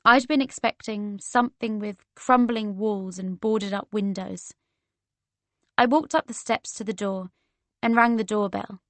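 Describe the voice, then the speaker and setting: A woman narrating a romance audiobook in the first person, in a measured storytelling manner. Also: mid-range voice, fairly even intonation, a bit bright, no echo.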